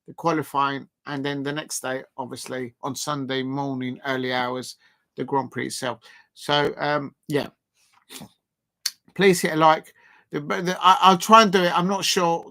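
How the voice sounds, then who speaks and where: A man's voice: on the high side, pushed and bright. A man hosting a casual live stream, reading out viewer comments and rambling with lots of fillers and restarts.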